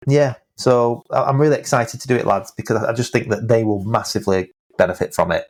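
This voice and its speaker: A man's voice: medium pitch, fairly even intonation, fast talker. A man hosting a podcast in casual chat, talking with enthusiasm and often repeating words as he speaks. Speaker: podcast host.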